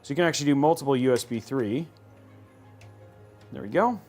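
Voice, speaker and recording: A man's voice: medium pitch, fairly quick, darkish tone, faint music behind. A man hosting a livestream, chatting casually and thinking aloud while building a computer. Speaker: host.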